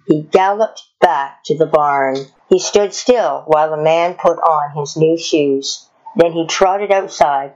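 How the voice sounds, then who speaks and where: A woman reading a children's story aloud in a steady, unhurried way. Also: low-pitched, highs cut off. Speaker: storybook reader.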